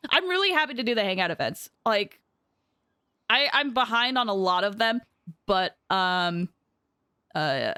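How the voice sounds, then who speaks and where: A woman's voice: mid-range voice, sing-song, measured pace, pauses often, bright, forceful tone, clear, resonant tone, no room sound, studio quality. A young woman streaming a game, chatting with viewers in a bubbly, giggly way. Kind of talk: casual live-stream chat.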